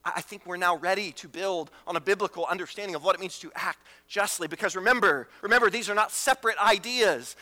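A man's voice: sits high, sharp tone, long reverb tail. A man preaching a sermon as pastor, emphatic, repeating phrases and asking rhetorical questions.

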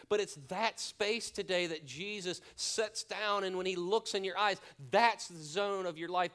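A man preaching a sermon as pastor, earnest and deliberate, often dropping to a hushed near-whisper for emphasis, and leading a prayer. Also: high-pitched. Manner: leads a spoken prayer.

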